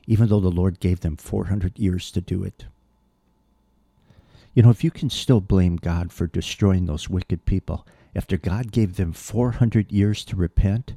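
Reading scripture verse by verse, this preacher follows each passage with blunt, earnest points. He speaks low in a dark, relaxed, gravelly voice, and the recording is close and dry without any room sound.

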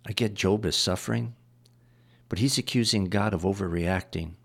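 A man's voice: low voice, normal speed, vocal fry, fairly bright tone. A man preaching a sermon, going through scripture verse by verse and driving points home with repetition. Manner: explains verses line by line, repeating phrases.

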